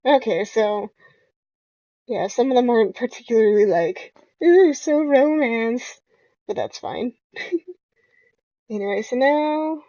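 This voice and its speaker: A woman's voice: a little high, lively intonation, unhurried, pauses often, warm tone, no room sound. A young woman playing a dating game aloud, reading the narration and joking playfully with frequent laughs. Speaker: gamer. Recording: dull lo-fi home recording.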